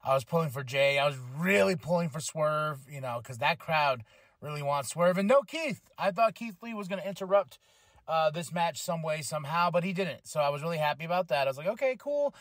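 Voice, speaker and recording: A man hosting a podcast, reviewing a wrestling show in casual chat, excitable, laughing often and swearing freely. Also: on the high side, brisk, no echo, studio quality. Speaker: podcast host.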